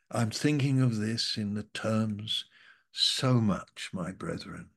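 Older-sounding guy preaching, gravelly low voice, slow and rambly, goes loud then quiet. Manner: rambling, repeats "you know", shifts from loud to hushed. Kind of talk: informal sermon, Bible exposition.

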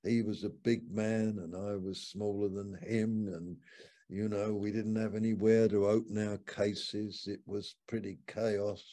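Slow, mellow-voiced man preaching. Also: fairly low pitch, little pitch movement. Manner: conversational, reflective, reads scripture aloud. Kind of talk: informal sermon. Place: upstairs lounge of a home.

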